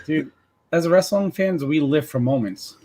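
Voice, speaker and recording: A man's voice: a little high, measured pace, dark tone. A man co-hosting a casual wrestling podcast, talking bluntly and swearing. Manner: blunt, profane. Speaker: podcast co-host.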